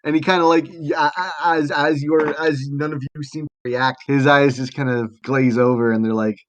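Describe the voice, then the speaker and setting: A man narrating a tabletop game as game master in a casual, halting way with fillers. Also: a little high, fairly even intonation.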